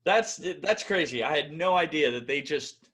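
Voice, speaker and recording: A man hosts a casual interview with a lively, bouncing voice that sits a little high. He asks his questions in a chatty, conversational way. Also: moderate pace, very noisy. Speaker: podcast host.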